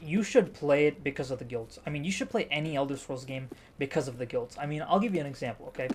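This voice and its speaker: Male gaming YouTuber, casual review over live play, jokey and animated, orders his make-believe cameraman around. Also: on the high side, fast, a little hiss or hum. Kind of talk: casual game review with live gameplay commentary.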